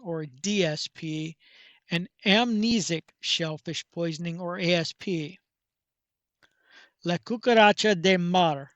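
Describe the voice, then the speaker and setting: A man giving scripted documentary narration in a measured, even reading. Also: high-pitched, no echo.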